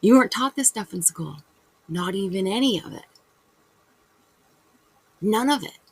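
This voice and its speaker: Gravelly, husky casual vlogger. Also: medium pitch, lively intonation, unhurried, rough recording. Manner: rambling, acts out imagined conversations; loose and chatty, with fillers and self-corrections. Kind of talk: casual spiritual monologue to camera.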